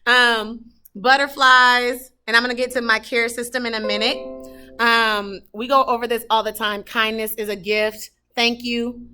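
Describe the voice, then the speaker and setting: Woman teacher showing off her classroom, chatty and heartfelt, bright sharp voice. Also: fairly high pitch, flat delivery, a little slow, clear, resonant tone, soft background music. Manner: chatty, rambling, heartfelt, with many fillers. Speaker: third grade teacher. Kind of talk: casual classroom tour vlog. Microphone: camera she carries while touring.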